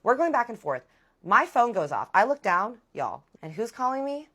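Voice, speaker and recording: A woman vlogger telling a dramatic personal story in a casual, animated way, talking straight to her viewers. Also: on the high side, normal speed, slightly rough.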